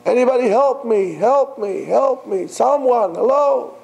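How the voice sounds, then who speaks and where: A man's voice: extremely high pitch, lively intonation, unhurried, creaky, darkish tone, voice pushed up, exaggerated voice, low-quality recording. A man voicing a desperate male mountain climber stranded on a branch, crying out and pleading in a strained, raised voice.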